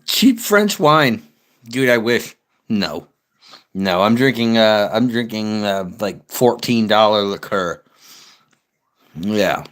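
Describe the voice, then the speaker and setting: Young streamer, low-pitched, blunt and profane, loose conversational rambling. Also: male voice, slow pace, long pauses. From United States. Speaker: live streamer. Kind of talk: casual livestream chat reading comments.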